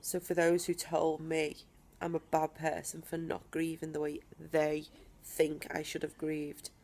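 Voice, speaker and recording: A woman talking straight to camera from home in a personal video diary, emphatic and defiant, with deliberate pauses. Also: low-pitched, completely flat delivery, a little mellow. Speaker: vlogger.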